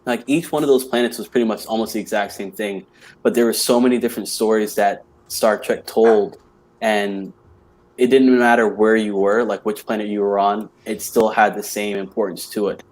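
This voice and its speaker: A man's voice: on the low side, steady tone, moderate pace. A man as a podcast guest in casual chat, talking with many "like" fillers and laughing easily.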